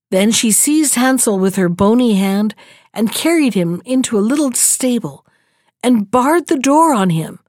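A woman reading a fairy tale aloud in a measured, expressive storytelling manner. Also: fairly high pitch, no room sound, clean studio sound.

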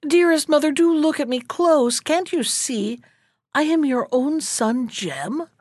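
A woman's voice: high voice, lively intonation, unhurried, a little mellow, no room sound, studio quality, pitched above the performer's own voice. A woman voicing a bewildered young man pleading with his mother in a storybook reading.

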